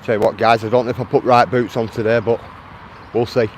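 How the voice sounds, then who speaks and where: A man's voice: mid-range voice, flat delivery, a little fast, slight background noise. A man with a Lancashire accent, chatting to live-stream viewers while he walks outdoors through a town, answering their comments and calling them mate. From Lancashire, England. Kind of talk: casual walking live stream. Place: outdoors in a town, near traffic.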